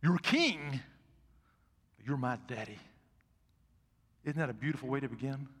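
An older man and pastor preaching a sermon in a church. He is folksy and swings from loud emphatic peaks to soft asides. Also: mid-range voice, animated, measured pace, husky, long reverb tail. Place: church sanctuary.

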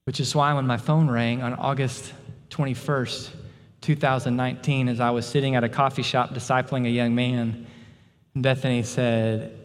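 A man preaching a sermon as pastor, earnest, rising in intensity and then dropping to a hushed, tender tone. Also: medium pitch, flat delivery, moderate pace, long reverb tail.

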